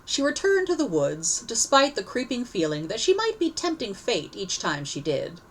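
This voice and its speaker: Expressive woman reading a story. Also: medium pitch, moderate pace, a little hiss or hum, low-quality recording. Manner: expressive reading with self-corrections. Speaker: story reader. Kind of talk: storybook narration.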